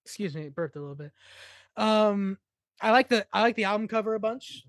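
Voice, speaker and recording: A co-host on a casual music review podcast, talking in halting restarts with many fillers. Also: mid-range voice, no echo.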